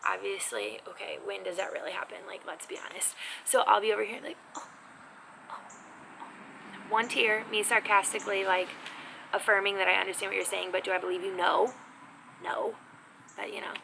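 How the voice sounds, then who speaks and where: A lively, chatty woman teaching a casual lesson, her voice full of gravelly fry at an average pitch. She talks in an animated, expressive way. Clear background noise runs under her voice. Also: moderate pace. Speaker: sign language teacher. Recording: noisy background.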